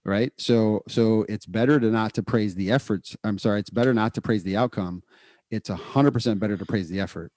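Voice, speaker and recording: A middle-aged man co-hosting a podcast in casual, energetic chat, repeating words for emphasis. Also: on the low side, a little fast, no echo. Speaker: podcast co-host, psychologist.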